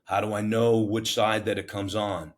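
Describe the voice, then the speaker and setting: A middle-aged man and fire captain, telling a story in a casual interview in an animated, self-mocking, plain-spoken way with many restarts. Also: on the low side, moderate pace. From United States.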